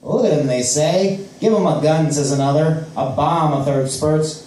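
A man's voice: fairly high pitch, normal speed, mellow, far from the mic, slight background noise. Man reciting spoken-word poetry, echoey room. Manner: rhythmic, declamatory. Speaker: open mic poet. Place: open mic venue.

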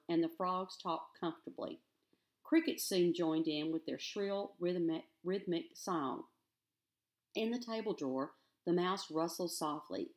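A woman teacher reading a children's novel aloud in an expressive, steady storytelling manner. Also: lowish voice.

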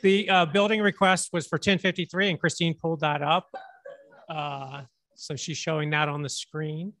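A man's voice: on the high side, steady tone, moderate pace, fairly bright tone, no echo. Casual male moderator running questions. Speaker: session moderator. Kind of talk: moderating a Q&A session.

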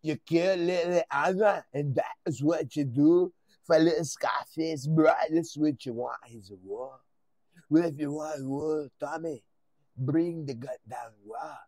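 A man's voice: fairly high pitch, darkish tone, no echo. A man doing a menacing crime boss. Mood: threatening. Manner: threatening, slow and boastful. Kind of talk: playful impression during a live stream.

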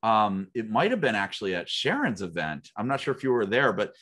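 A middle-aged man, a guest speaker and coach, telling his story in an interview with lively acted-out quotes and frequent laughs. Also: fairly low pitch, brisk. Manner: animated storyteller, acts out quotes, laughs often. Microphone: small mic worn on body.

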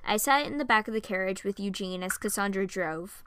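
Woman narrating a fan story, bright. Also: mid-range voice, fairly quick, smooth, no echo. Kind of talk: first-person storytelling reading.

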